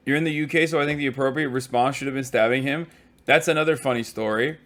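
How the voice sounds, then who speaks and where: A man's voice: mid-range voice, fast. Tired, profane man telling stream stories. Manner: profane, animated storytelling with mock quotes. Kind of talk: casual stream chat. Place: hotel room.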